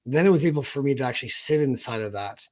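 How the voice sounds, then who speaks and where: A man's voice: medium pitch, lively intonation, fast. A man hosting a podcast, talking candidly and animatedly about his own mental health and acting out his inner dialogue. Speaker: podcast host.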